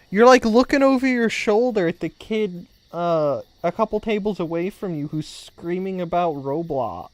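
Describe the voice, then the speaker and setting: A man's voice: high voice, animated, normal speed, hardly any pauses, no room sound. A man streaming a game, chatting casually with his viewers in a joking, rambling, teasing way. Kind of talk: casual gameplay commentary.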